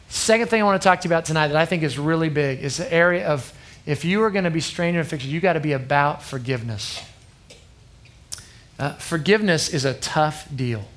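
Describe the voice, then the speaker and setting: A man's voice: on the high side, a bit bright. A man in his thirties preaching to a youth group, earnest and conversational, often checking in with the crowd. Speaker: youth pastor.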